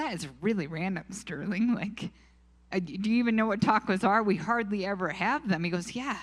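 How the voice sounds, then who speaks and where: A woman speaking to a church group, sharing personal faith stories in a conversational way and acting out quoted dialogue. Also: medium pitch.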